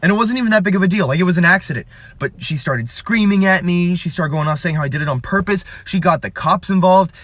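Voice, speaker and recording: Young man telling dirty jokes deadpan. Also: high-pitched. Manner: deadpan storytelling, quick dirty punchlines. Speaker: comedy creator. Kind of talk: joke telling to camera.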